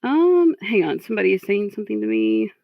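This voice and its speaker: A frustrated woman streams live and reads her chat, talking bluntly and cursing at trolls. Her voice has a gravelly fry, and the lo-fi audio sounds dull and dry. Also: medium pitch, wildly swooping pitch, fast talker, no echo. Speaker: livestream host. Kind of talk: casual livestream talk reading chat.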